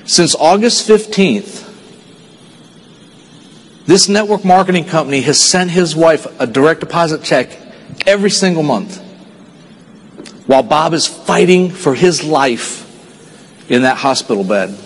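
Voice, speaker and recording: A man from Texas giving an earnest, storytelling speech to a conference audience, dropping low and quiet at the sad parts. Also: animated, a little slow, pauses often, in a large hall, low-quality recording. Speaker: motivational speaker.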